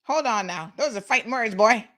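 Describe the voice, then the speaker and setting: A woman's voice: a little high, lively intonation, moderate pace, bright, forceful tone, a little hiss or hum. A woman imitating a man picking a fight, mock-threatening with dialect phrasing.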